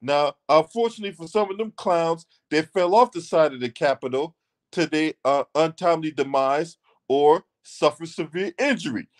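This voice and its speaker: A man's voice: a little high, moderate pace. A man hosting his own channel, giving a ranting commentary that is emphatic and profane, and repeating lines for stress.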